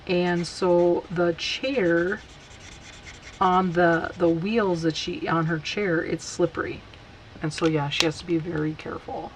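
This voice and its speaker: Slow-talking woman giving a craft tutorial. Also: on the low side, steady tone, slight background noise, low-quality recording. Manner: chatty and unhurried, talks while working. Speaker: card-making instructor. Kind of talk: casual stamping tutorial.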